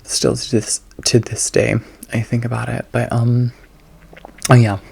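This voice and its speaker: Soft-spoken, gravelly young man. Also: mid-range voice, monotone, a little slow. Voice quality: soft, hushed delivery. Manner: irreverent and sassy, swears freely. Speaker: witchcraft content creator. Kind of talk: casual chat.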